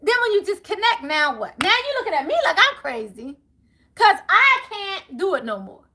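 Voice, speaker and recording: Brief: outspoken woman reader, very high, bright, lively delivery, swears freely, talks straight to viewers. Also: normal speed. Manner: blunt, profane, laughing often. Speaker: tarot reader. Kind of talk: animated monologue to viewers.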